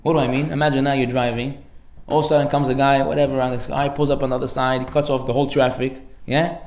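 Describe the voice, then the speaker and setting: Fast, animated rabbi in an echoey room. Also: male voice, medium pitch. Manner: animated storyteller, acts out characters with sudden loud outbursts; sprinkles Hebrew and Aramaic terms into casual English. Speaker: rabbi giving a Torah class. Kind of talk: lively informal Torah lecture.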